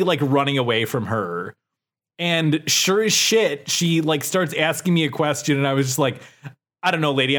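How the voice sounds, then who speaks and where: Lively rambling young man. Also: mid-range voice. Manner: rambling storytelling, many "like" fillers, swears. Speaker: podcast co-host. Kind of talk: casual chat.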